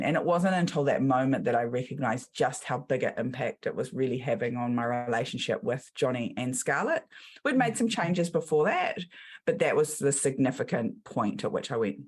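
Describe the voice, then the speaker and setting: A woman's voice: very deep voice, breathy edge. A middle-aged woman with a New Zealand accent, a business coach guest who tells her story casually and acts out the quotes in it.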